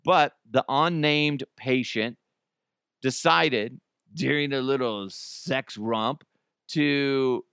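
A man's voice: medium pitch, very slow, a bit bright, clear, resonant tone, no room sound, studio quality. A man hosting a comedic solo podcast, joking animatedly and laughing often. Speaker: podcast host.

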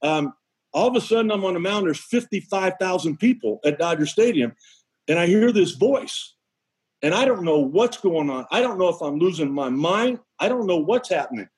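A man from Connecticut with a high, husky voice tells baseball stories with real energy. He acts out the voices of teammates as he goes. The delivery is lively, and the voice sits noticeably above most men's. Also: normal speed, poor audio. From Connecticut, USA. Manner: lively anecdotes, acts out other people's lines. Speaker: former pitcher telling stories. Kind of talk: animated storytelling on a sports show.

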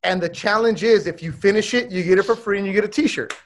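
A man, a podcast co-host telling stories in slangy, animated casual chat. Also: sits high, quick pace.

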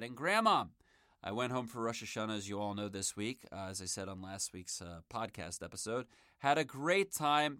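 A man's voice: mid-range voice, fairly bright tone, smooth, no echo, studio quality. A man in his thirties hosting a solo sports podcast, talking in an enthusiastic, chatty way. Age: 30s.

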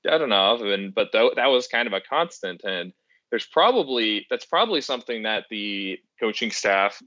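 A man's voice: on the low side, sing-song, normal speed, bright, forceful tone, no room sound, lo-fi sound. A man co-hosting a hockey podcast in casual chat, rambling with many fillers and restarts. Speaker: podcast co-host.

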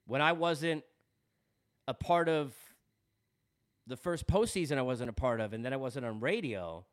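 Clear and resonant, this man's mid-range voice comes at an unhurried pace with a Long Island New York accent. He hosts a podcast, speaking earnestly and candidly in a personal monologue and often repeating words.

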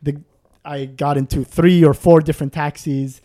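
Animated man telling a funny story. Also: normal speed. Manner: animated, acts out scenes with rising pitch, laughs often. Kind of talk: casual storytelling chat.

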